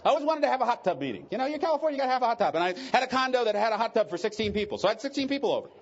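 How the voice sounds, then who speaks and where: At a recovery convention, a middle-aged man gives a personal testimony full of candid, joking and emotional stories from his life. His voice is extremely high with big pitch swings, rapid-fire delivery, and the highs are cut off.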